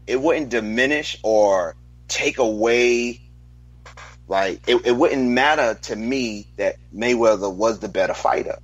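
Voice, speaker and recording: Husky-voiced man arguing emphatically. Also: mid-range voice, dry recording. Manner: emphatic, deliberate, argumentative. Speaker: sports debate co-host. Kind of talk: heated sports debate. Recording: dull lo-fi dry sound.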